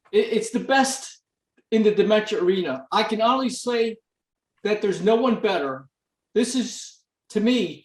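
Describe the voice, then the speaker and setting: A man's voice: high-pitched, far from the mic. Earnest man, echoey and off-mic. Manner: earnest, stammers on repeated words. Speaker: interviewer, dementia advocate. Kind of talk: radio interview questions.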